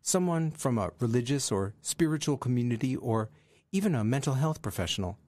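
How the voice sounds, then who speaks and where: In studio-quality audio with no room sound, a male podcaster recounts something from his own life, earnest and thoughtful. His mid-range voice is expressive, slightly mellow, and a touch fast.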